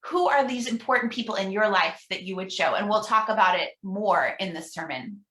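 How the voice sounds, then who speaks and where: A woman guest minister giving an upbeat all-ages talk in a recorded church service, leading call-and-response affirmations with slow, deliberate pauses. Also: mid-range voice, animated, fairly bright tone. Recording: roomy echo.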